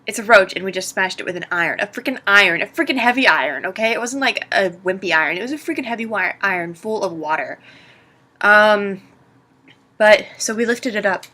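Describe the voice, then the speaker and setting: A woman vlogger telling a story to camera in a chatty, animated way, full of fillers. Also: medium pitch, brisk.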